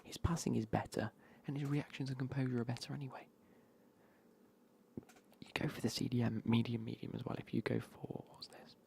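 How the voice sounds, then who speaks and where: Man streaming games, whispered ASMR, rambling and sweary, mid-pitched and gravelly. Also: steady tone, fairly quick, darkish tone, a little hiss or hum. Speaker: gaming streamer.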